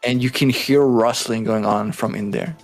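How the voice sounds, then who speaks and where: A man's voice: medium pitch, fairly even intonation, normal speed, creaky, soft background music. A man narrating a tabletop game as game master, who jokes, swears and teases his players. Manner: laughing, swearing, playful teasing.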